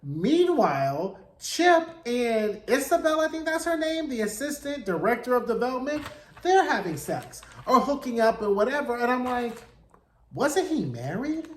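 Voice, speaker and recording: A man hosting a casual, chatty TV recap, telling the plot in a gossipy, animated way with slangy asides. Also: extremely high pitch, moderate pace, a little hiss or hum. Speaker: TV recap host. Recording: roomy echo.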